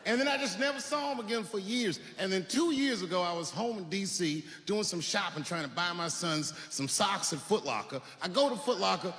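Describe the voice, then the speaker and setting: A man doing profane stand-up comedy on stage before a live audience, swinging from muttering to shouting. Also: high-pitched, animated, brisk, hardly any pauses. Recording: long hall reverb, noisy live room.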